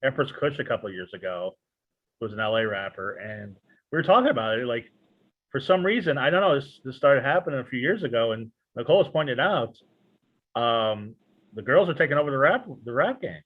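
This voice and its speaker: A man hosting a podcast in casual chat, halting and stumbling over his words, cracking jokes. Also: mid-range voice, animated. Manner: halting, full of restarts and fillers, joking. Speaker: podcast host. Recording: tinny phone-like audio.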